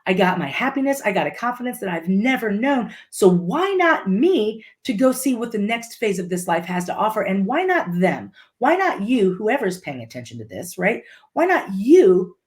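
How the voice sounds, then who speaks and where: A woman's voice: mid-range voice, sing-song, normal speed, few pauses. A woman from Litchfield, Illinois, a podcast guest telling a motivational story and repeating her key phrases for emphasis.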